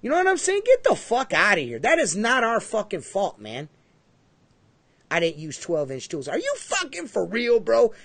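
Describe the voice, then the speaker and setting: A man co-hosting a casual livestream podcast, talking in a high voice. He rambles, swears constantly and leans hard on his points. The sound is dry and close, with no room around it. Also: huge pitch swings, moderate pace, creaky, a bit bright, no room sound. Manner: profane, rambling, emphatic. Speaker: podcast co-host.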